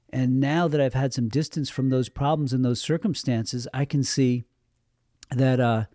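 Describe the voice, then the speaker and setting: Warm-toned pastor preaching plainly. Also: male voice, medium pitch, dry recording, studio quality. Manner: earnest, conversational preaching with light humor. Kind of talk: sermon.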